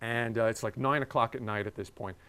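A man's voice: medium pitch, fairly even intonation, fairly quick, pushed and bright, smooth. A man, a journalist, telling a casual anecdote in a chatty way, with many ums and uhs.

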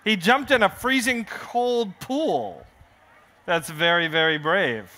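A man's voice: sits high, expressive, slow, bright, forceful tone. A man reading his picture book aloud on a festival stage, joking with the family audience like a showman. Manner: playful, showman-like banter with the crowd. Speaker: children's author.

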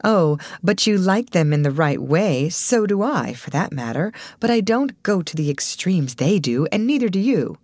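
A woman's voice: on the low side, sing-song, normal speed, hardly any pauses, a little mellow, no room sound. A woman reading the lines of an impulsive, outspoken young woman in an audiobook.

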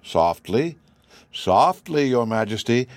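A man voicing a calm, blunt army general who speaks in a steady, dry manner. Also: medium pitch, takes it slowly, no room sound.

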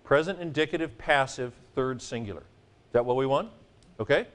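A man's voice: medium pitch, normal speed. A man teaching a seminary Greek grammar class, joking and chanting mnemonics for his students. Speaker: Greek professor.

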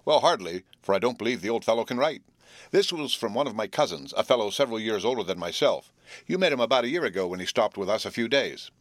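A man's voice: lowish voice, animated, no echo, voice pushed up, natural voice. A man voicing a cheerful teenage boy who teases his friends while telling news. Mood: teasing. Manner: teasing, drawn-out storytelling.

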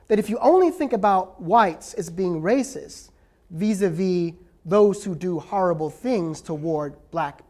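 With a high-pitched voice, this male professor lectures a live audience, pushing his points hard and taking their questions. He regularly checks in with listeners by ending points on a questioning "right?"

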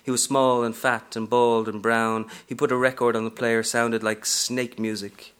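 A man's voice: medium pitch, little pitch movement, moderate pace, a bit bright, smooth, lightly acted. A man reading aloud from a novel, narrating as a brash, streetwise aging woman hustler in a sassy first-person style.

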